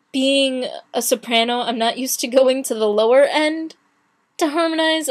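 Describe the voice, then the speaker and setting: A young woman chatting casually in a video blog, retelling her day with many restarts and acted-out quotes. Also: on the high side. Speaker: vlogger. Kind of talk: casual chat.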